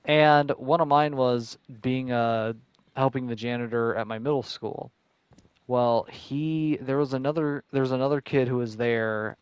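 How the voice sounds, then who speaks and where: Rambling man with a smooth voice. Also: medium pitch, dry recording. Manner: rambling, heavy filler words and profanity. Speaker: streamer. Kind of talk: casual storytelling while gaming.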